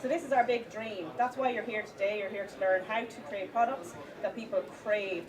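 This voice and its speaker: A woman giving a live conference talk, with many fillers and restarts, stressing the points of a list slowly. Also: medium pitch, steady tone, a crowd in the background. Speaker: conference speaker. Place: conference hall with audience. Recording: distant mic, audience in hall.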